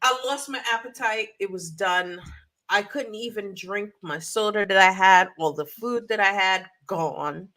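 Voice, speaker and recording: Podcast co-host lady, slow easy pace, bright voice, acts out the story with little sound effects. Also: medium pitch. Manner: animated, acts out sounds and quotes. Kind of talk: casual storytelling chat. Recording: live stream call audio.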